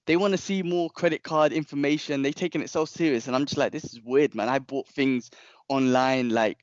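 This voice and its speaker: A young man, a podcast co-host telling a long story in casual chat, animated and rambling, with frequent restarts and slang. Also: on the high side, dry recording, dull audio.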